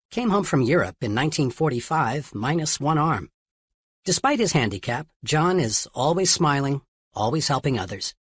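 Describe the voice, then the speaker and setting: A man reading a self-help audiobook in a steady, earnest narration. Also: a little high, husky, no echo, studio quality.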